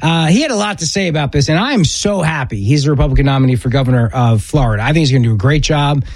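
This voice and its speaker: A man hosting a political talk radio show, giving emphatic, opinionated commentary in quick bursts with frequent restarts. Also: on the high side, animated, dry recording.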